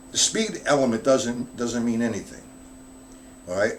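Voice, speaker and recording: A man's voice: mid-range voice, moderate pace, a little hiss or hum. Man counting beats while teaching drums. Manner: explains step by step, counting beats aloud; answers viewers' chat comments directly. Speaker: drum teacher. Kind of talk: live-stream drum lesson.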